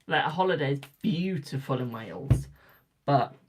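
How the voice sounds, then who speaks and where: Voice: medium pitch, animated, normal speed, a little hiss or hum. Young adult, from Britain, tarot reader, live stream, rambling casual chat, repeats phrases for emphasis.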